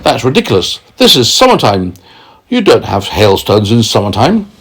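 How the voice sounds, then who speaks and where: A man voicing a boastful, rude male centipede from a storybook, who shouts insults and scoffs. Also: mid-range voice, huge pitch swings, moderate pace, breathy edge, heavily acted. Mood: scoffing.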